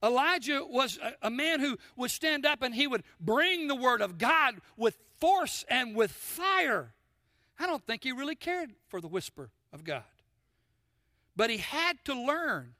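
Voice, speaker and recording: A man preaching a sermon to a congregation, asking them questions and swinging between forceful emphasis and soft, quiet lines. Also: very high-pitched, sing-song, a little slow, no room sound, studio quality. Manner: addresses congregation with call-and-response questions. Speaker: pastor. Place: church sanctuary.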